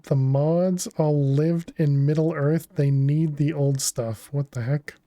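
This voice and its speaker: A man streams a game in an unhurried, chatty way, musing over his moves and answering viewers between laughs. His voice is mellow and low-key at an ordinary pitch, recorded close and dry. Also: no echo. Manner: chatty, thinks aloud and answers chat messages; laughs often, relaxed and unhurried. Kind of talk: casual gaming livestream commentary.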